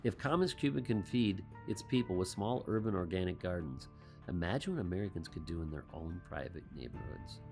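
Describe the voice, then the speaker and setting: Low-voiced man hosting a commentary. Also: animated, brisk, a little mellow, faint music behind. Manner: rhetorical questions with wry asides. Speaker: host. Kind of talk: commentary monologue.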